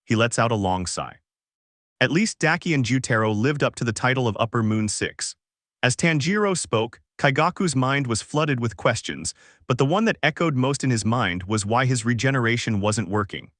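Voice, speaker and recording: A man narrating fan fiction in scripted narration with a flat, even reading voice on a close, dry mic. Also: medium pitch, moderate pace, no echo. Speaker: fanfic narrator.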